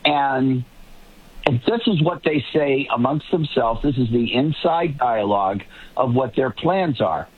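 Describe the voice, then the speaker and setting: A man's voice: mid-range voice, lively intonation, a little slow, breathy edge. A man from the Boston area giving emphatic commentary as a guest on a political panel, often restarting and repeating words. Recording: tinny remote line.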